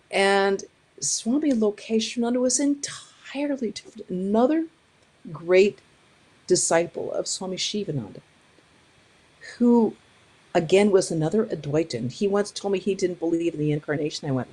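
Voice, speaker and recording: A woman's voice: medium pitch, animated, moderate pace, warm tone, husky. A woman giving a spiritual talk, telling stories animatedly and acting out the quoted dialogue with frequent restarts. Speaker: spiritual teacher.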